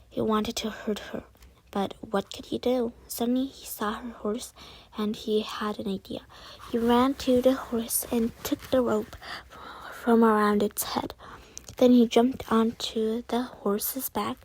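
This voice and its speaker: A woman reads a storybook aloud in a slow, careful way, and some passages drop soft and breathy. Her voice is husky and sits a little high. The recording is dry, with no room sound. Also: level tone, no room sound, low-quality recording. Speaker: reader. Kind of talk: storybook reading.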